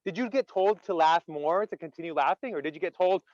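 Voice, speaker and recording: A man's voice: high-pitched, a little fast, a little mellow, dry recording, lo-fi sound. A man leading an interactive online laughter workshop. He talks with energy, keeps asking the audience questions and fills his speech with "like". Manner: chatty, many "like" fillers.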